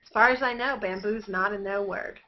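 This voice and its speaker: A woman telling animated anecdotes in a group call, laughing often, over dull lo-fi audio. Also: medium pitch, fairly quick, slight background noise.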